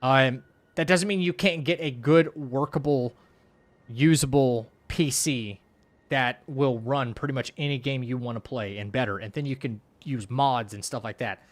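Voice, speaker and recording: A man's voice: medium pitch, normal speed. Loose, rambling male game streamer. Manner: rambling, loose, full of "like" and restarts, reads chat aloud. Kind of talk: casual live-stream chat while playing.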